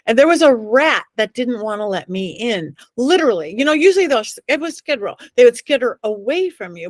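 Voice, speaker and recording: Middle-aged woman, interview guest, lively storyteller, slightly high voice, dry close sound. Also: no echo. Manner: acts out quoted voices, dramatic pauses. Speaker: psychic medium guest.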